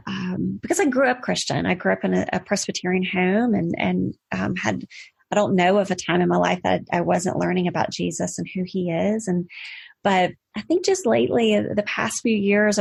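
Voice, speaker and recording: A woman in her forties speaks as a podcast guest with a gravelly edge and a husky, breathy grain. Her pitch sits in the middle range. She talks in an earnest, reflective way, as in a casual interview conversation. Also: steady tone, moderate pace. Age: 40s.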